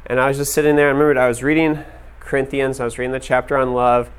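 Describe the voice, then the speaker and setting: A man speaking to a group in a loose, conversational sermon style. His voice sits at a middle pitch. He tells stories freely and sprinkles "like" through his sentences. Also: level tone, rapid-fire, clean tone. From United States. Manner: conversational, heavy use of "like". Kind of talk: casual sermon storytelling.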